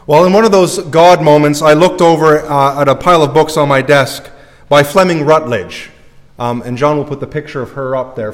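A man's voice: a little high, big-room sound. A male priest preaching a sermon in a conversational, self-deprecating way, recorded in a church.

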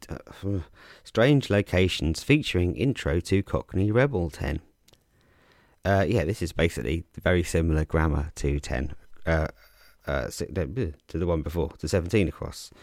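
A man casually explaining crossword clues as a podcast host, relaxed and chatty with frequent ums and restarts. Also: sits low, no room sound, clean studio sound.

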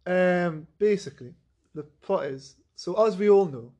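A man with a high-pitched voice riffs through a made-up film pitch in loose, rambling sentences. He often stops to ask "right?" and fills the gaps with "um." His delivery stays casual and improvised. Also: moderate pace, a little mellow. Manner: rambling, keeps saying "right?".

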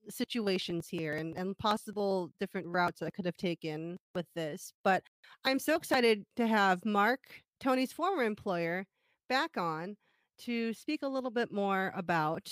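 A woman's voice: mid-range voice, smooth, dry recording. A woman hosting a mock true-crime podcast, chatty, with stumbling phrasing and frequent giggles. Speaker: host.

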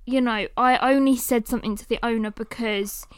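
A woman hosting a podcast, telling a story in a lively, animated way and sometimes cooing at her dog. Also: fairly high pitch, normal speed, clear, resonant tone, no echo, studio quality. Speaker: podcast host.

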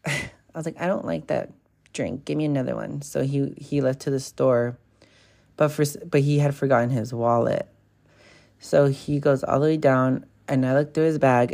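Gravelly-voiced young man telling stories frankly. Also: medium pitch, a little mellow. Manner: frank, profane, rambling with many fillers. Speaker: podcast host. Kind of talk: casual confessional storytelling.

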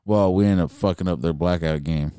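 A man's voice: low voice, fairly quick, warm tone, clear, resonant tone, no room sound, clean studio sound. A young man co-hosting a podcast, telling stories in a rambling, casual way with lots of swearing and restarts. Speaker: podcast co-host. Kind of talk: casual chat.

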